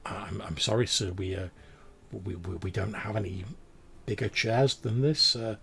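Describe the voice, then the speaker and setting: A man's voice: lowish voice, fairly even intonation, measured pace, gravelly, fairly bright tone, slightly rough, full character voice. A man doing a stammering young page. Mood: flustered. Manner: stammering, flustered. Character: young nervous male servant boy, stammering.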